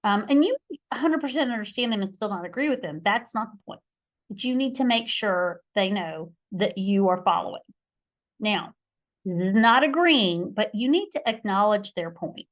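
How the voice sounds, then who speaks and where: A woman's voice: mid-range voice, expressive, normal speed, muffled recording. A middle-aged woman mediator teaching conflict skills, stressing her points by repeating key phrases. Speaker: mediator and conflict resolution instructor. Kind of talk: podcast teaching talk.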